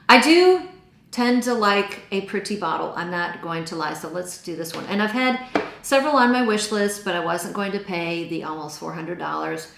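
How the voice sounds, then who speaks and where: A woman's voice: mid-range voice, vocal fry, a bit bright, roomy sound. A woman with a Texan accent, chatting enthusiastically as she reviews perfumes. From Texas. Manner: chatty and enthusiastic, gushing over scents. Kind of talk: casual product review.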